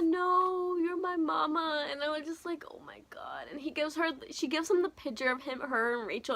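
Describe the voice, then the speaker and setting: A woman's voice: a little high, pushed and bright. A young woman casually reviewing a novel, talking emotionally with lots of fillers and exclamations. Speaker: book reviewer. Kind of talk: casual book review vlog.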